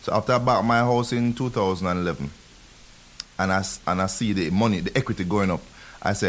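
A man from Jamaica with a Jamaican accent, a realtor guest talking fast on a radio show, mixing in patois. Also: deep voice. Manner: fast talking, laughs easily, mixes patois. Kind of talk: casual radio interview.

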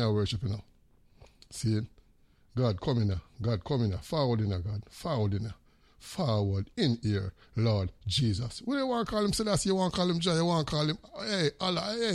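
Jamaican man, radio host, gravelly voice, lively pitch swings, patois shout-outs. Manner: animated, repetitive call-outs with patois.

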